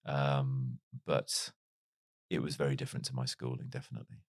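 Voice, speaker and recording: A man with a very deep voice and a light Liverpool accent tells stories in a relaxed interview. He talks in a chatty, self-deprecating way with quick asides. The recording is dry and close, with no room sound. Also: gravelly, no echo. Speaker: broadcaster and interview guest. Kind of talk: casual conversational storytelling.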